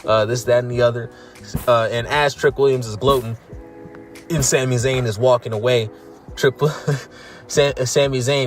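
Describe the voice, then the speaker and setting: A man casually recapping a wrestling show for his stream viewers. He talks bluntly and swears freely, checking in with "all right?" as he goes. His voice sits at a medium pitch, and faint music plays underneath. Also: moderate pace. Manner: blunt, profane, frequent "all right?" tags.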